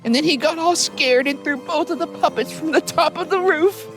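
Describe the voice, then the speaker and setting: A man's voice: extremely high pitch, normal speed, voice pushed up. A man putting on a timid little girl. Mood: uneasy storytelling. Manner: hushed storyteller, childlike unease. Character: timid little girl telling a creepy childhood tale. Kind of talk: comic storytelling voice on a livestream. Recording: music playing underneath.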